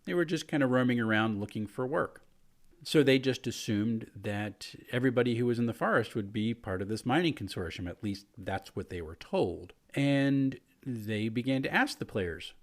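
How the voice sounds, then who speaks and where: A man's voice: mid-range voice, normal speed, gravelly. Man telling a tabletop game story. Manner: relaxed and chatty, with fillers. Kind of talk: casual storytelling.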